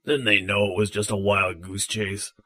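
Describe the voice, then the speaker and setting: A man's voice: on the low side, level tone, normal speed, pushed and bright. An actor voicing a grumpy male robot who speaks grudgingly and sarcastically.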